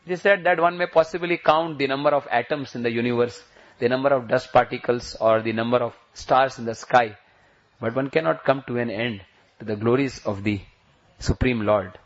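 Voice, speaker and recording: Guy preaching a story sermon, slows way down n lifts his voice on the prayers, muffled old recording. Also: medium pitch, steady tone. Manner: slows and rises when voicing prayers. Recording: dull lo-fi recording.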